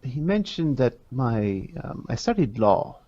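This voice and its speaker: A man voices a fussy, pompous young lord in a tabletop game. He talks in hesitant, affected phrases with a lively pitch. The sound is dry and slightly dull. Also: a little slow, dry recording. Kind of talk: tabletop role-play.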